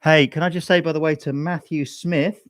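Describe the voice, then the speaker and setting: A man's voice: a little high, steady tone, normal speed, a bit bright, no room sound, clean studio sound. A man from the United Kingdom co-hosting a casual livestream, reading out viewer comments with a playful, jokey manner. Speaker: co-host reading viewer questions.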